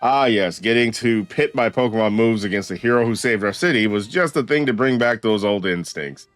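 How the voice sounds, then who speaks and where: A man's voice: on the low side, brisk, no room sound, soft background music, close to an everyday voice. Man reading as a polite old barista, mock French. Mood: gracious. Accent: attempted French. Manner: reading game dialogue aloud, polite and formal. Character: old male former cafe barista, gracious.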